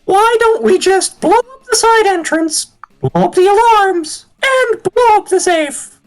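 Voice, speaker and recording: A streamer voicing a brash, reckless demon student in a much higher voice, shouting gleefully while reading game dialogue aloud with friends. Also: animated, measured pace. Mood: scheming. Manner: shouty, gleeful, over the top.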